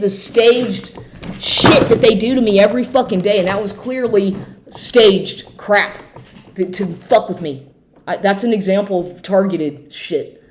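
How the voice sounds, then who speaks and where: A woman's voice: medium pitch, a little mellow. A woman telling an angry personal story as a vlogger, profane and agitated, rambling with many restarts.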